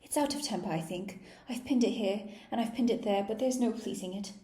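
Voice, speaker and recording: A woman's voice: mid-range voice, brisk, mellow, pitched above the performer's own voice, lightly acted. A woman reading aloud and voicing a flustered, scatterbrained queen, melancholy and helpless, in a roomy space. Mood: fretful. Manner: melancholy, helpless, then shrieking.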